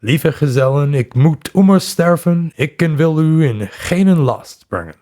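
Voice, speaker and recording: A man's voice: on the high side, expressive, a little slow, mellow, voice pushed up. A man reading as a solemn doomed captain. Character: doomed medieval mercenary captain, solemn and resolute.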